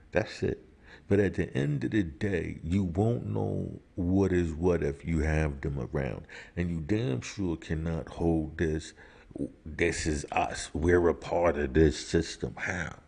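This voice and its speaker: Man, very deep voice, slow deliberate delivery, emphatic rhetorical monologue. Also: vocal fry, a little mellow, breathy edge. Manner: rises to heated outbursts. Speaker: commentator. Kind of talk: opinion monologue.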